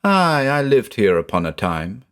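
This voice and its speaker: A man reading the part of a stern, somber old woman with a deep, powerful voice and archaic speech. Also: very animated, a little slow, a bit bright.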